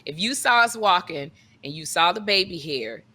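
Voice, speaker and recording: A woman's voice: on the low side, expressive, moderate pace, pushed and bright. A middle-aged woman co-hosting a comedy chat show, teasing and lecturing her producer. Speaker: podcast co-host.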